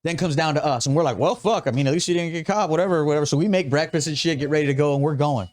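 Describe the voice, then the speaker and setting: A man's voice: a little high, rapid-fire, dry recording. A man telling a story in casual podcast chat. He swears a lot and acts out what other people said. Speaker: tattoo artist host telling a story.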